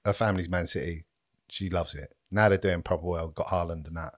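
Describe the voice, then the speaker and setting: Laid-back low-voiced bloke. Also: male voice, steady tone, brisk. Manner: laid-back, sweary banter. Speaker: podcast co-host. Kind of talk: casual chat.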